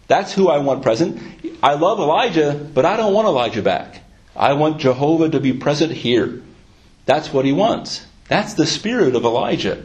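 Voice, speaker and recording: Fervent preacher man, fairly high voice. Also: very animated, normal speed, darkish tone. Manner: reads King James scripture aloud, then explains it with rising fervor. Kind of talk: sermon with scripture reading.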